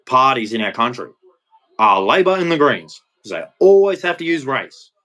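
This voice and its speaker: A man's voice: fairly high pitch, pushed and bright. An Australian man in his thirties ranting bluntly and heatedly in a casual monologue, swearing freely. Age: 30s. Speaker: vlogger.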